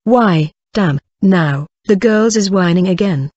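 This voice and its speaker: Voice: mid-range voice, slow, a little mellow, dry recording, lo-fi sound. An audiobook reader voicing a brutal, surly male housebreaker who growls his words. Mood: gruff. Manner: growling, savage.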